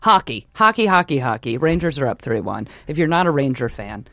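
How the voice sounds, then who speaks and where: A woman from New York co-hosting a podcast, chatting about sports in an excitable, rambling way that keeps breaking off mid-thought. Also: low voice, a little fast, no echo, clean studio sound. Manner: rambling, excitable, self-interrupting. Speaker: podcast co-host. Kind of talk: casual sports chat.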